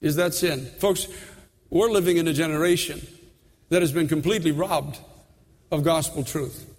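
A pastor preaching a sermon in a church sanctuary, building to impassioned appeals. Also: male voice, moderate pace, a little mellow, long reverb tail. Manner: impassioned preaching, rising in pitch and force.

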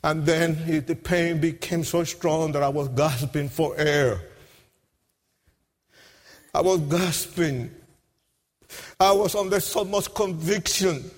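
High-voiced impassioned man preaching. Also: takes it slowly, long pauses. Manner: impassioned, swinging from hushed to shouting; nonstandard grammar. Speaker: preacher giving his testimony. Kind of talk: emotional testimony sermon. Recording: long hall reverb.

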